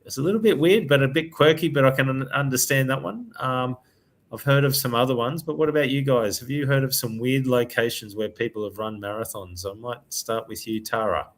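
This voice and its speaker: A man hosting a running podcast in casual chat, chatty and quick to laugh. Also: medium pitch. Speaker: podcast host.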